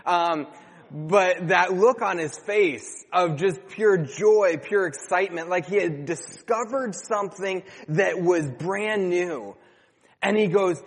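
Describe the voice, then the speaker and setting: Storytelling pastor in a reverberant hall. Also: male voice, high voice, slow. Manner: storytelling, animated, chatty with restarts. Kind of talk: sermon.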